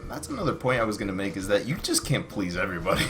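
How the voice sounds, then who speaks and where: A man's voice: lowish voice, big pitch swings, racing, music in the background. A man hosting a casual podcast, rambling with lots of fillers and restarts. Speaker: podcast host.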